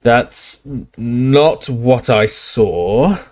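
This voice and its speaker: A man voicing suspicious, menacing dark-wizard henchmen who talk curtly. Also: medium pitch, animated, extremely slow. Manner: curt, threatening.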